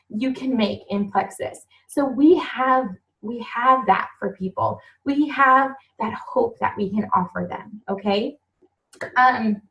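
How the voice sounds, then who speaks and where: A woman's voice: fairly high pitch, takes it slowly, vocal fry, a bit bright, distant mic, rough recording. Emotional, earnest woman on a call. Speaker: team leader welcoming new members. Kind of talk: motivational talk on a group call.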